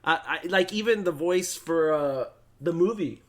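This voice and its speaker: A man's voice: on the high side, a little slow. A man hosting a podcast, chatting casually and animatedly, with laughs and stumbling restarts. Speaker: podcast host. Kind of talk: casual chat.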